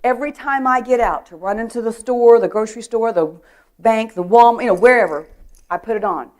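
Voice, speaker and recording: A middle-aged woman giving an animated talk on personal safety to a women's church group, telling stories, acting out quotes and asking the audience questions. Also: fairly high pitch, fairly quick. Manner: lively storytelling, acts out quotes, asks the audience questions. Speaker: guest speaker on personal safety.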